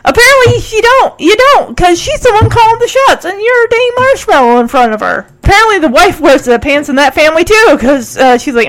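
High-voiced chatty woman recapping. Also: animated, fairly quick, hardly any pauses, poor audio. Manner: chatty, filler-heavy, frequent "like". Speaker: episode recapper. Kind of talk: casual retelling of a TV episode.

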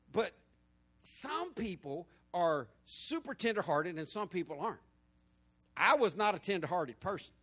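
A man, preaching a sermon in a lively storytelling way that swings between loud and hushed. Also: a little high. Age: 50s.

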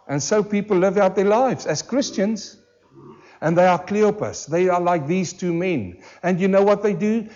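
A pastor preaching a sermon to a church congregation, emphatic and full of rhetorical questions, slowing down hard on key words. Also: male voice, sits high, a little mellow, lo-fi sound. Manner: emphatic, with rhetorical questions and slowed, drawn-out stresses. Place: church service.

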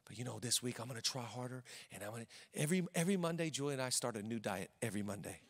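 A man preaching a sermon as a pastor, moving between quiet, joking storytelling and loud, ringing preaching. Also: medium pitch, expressive, racing. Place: large church hall. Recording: long hall reverb.

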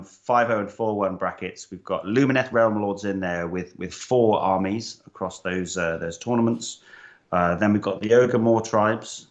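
Brief: lower-voiced man, joking podcast co-host, relaxed banter. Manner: joking, laughs often, relaxed. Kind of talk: casual chat.

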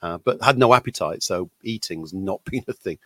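A British man, a podcast co-host, chatting casually with a gravelly voice while recovering from illness, often repeating words. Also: low-pitched, moderate pace, sharp tone, no room sound, clean studio sound. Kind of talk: casual chat.

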